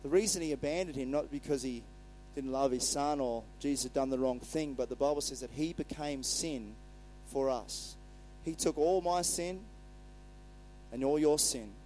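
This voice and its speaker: Man, pastor, relaxed sermon, acts out quotes, slightly higher voice, low electrical hum. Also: low-quality recording. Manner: conversational, retells scripture with acted quotes.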